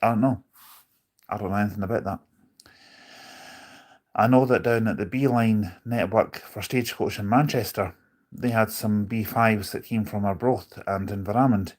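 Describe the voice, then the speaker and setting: A man's voice: on the low side, normal speed, pauses often. A man live streaming from on board a bus, chatting casually, rambling with his opinions and reading out viewer comments.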